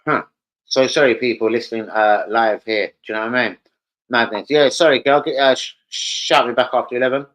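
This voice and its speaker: A young man hosting a casual football live stream, excitable, swearing and calling out viewers by name. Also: mid-range voice, fairly quick. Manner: excitable, swears, calls out chat names.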